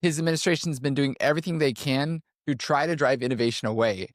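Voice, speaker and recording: A man's voice: medium pitch, fast talker, dry recording, clean studio sound. A man co-hosting a podcast, steadily leading the discussion and laughing easily. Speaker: podcast co-host.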